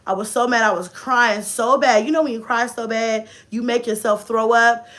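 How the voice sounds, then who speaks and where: Young woman, casual vlog storytelling, swears a lot, slightly high voice. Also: normal speed. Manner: expressive, swears freely, swings from low asides to shrieking and laughing. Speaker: vlogger.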